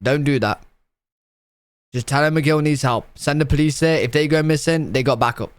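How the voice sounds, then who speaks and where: A man's voice: a little high, normal speed, clear, resonant tone. A British man, a streamer, giving casual live reaction commentary, joking and swearing as he talks to his chat. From United Kingdom.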